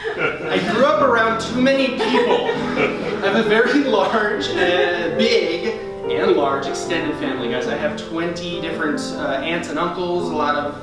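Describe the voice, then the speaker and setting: A man performing a solo comedy show, mock-excited and self-deprecating with halting delivery. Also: high-pitched. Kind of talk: stand-up style solo show. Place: theater stage. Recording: echoey stage from far off with music.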